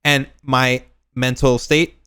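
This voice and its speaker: A man co-hosting a casual reaction stream, animated and sarcastic, with frequent laughs. His voice is bright and crisp. The sound is dry and close to the mic. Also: medium pitch, slow pace, no echo. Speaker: stream co-host.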